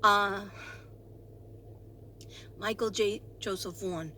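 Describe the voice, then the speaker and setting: An earnest woman psychic speaks to camera at a slow, deliberate pace. Her voice sits at an average pitch and she often pauses, fills and restarts while relaying messages. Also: fairly even intonation, bright, forceful tone, slight background noise. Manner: earnest, halting, with many fillers and restarts. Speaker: psychic medium and tarot reader. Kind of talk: slow talk to camera, reading spirit messages.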